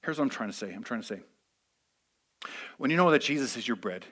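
A man preaching a sermon as a pastor, conversational with many fillers, swinging from hushed asides to loud, emphatic peaks. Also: mid-range voice, lively intonation, fast, husky.

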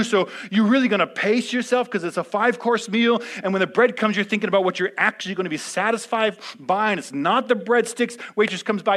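A man preaching as a pastor speaks conversationally with lots of fillers, swinging between hushed asides and loud, emphatic peaks. His voice is high and his pace brisk.

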